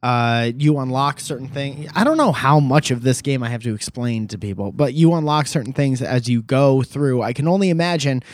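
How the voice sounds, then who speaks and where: A man's voice: medium pitch, lively intonation, moderate pace, hardly any pauses, no room sound, studio quality. A man hosting a podcast, telling a rambling story in casual chat and often correcting himself mid-sentence. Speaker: podcast host.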